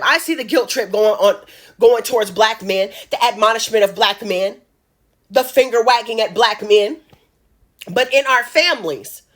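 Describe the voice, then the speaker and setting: Woman from Chicago, slightly high, sharp-edged voice, impassioned direct-address commentary with repeated emphatic phrases. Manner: emphatic, repetitive, speaks straight to the audience. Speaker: social media commentator. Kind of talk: impassioned monologue to camera.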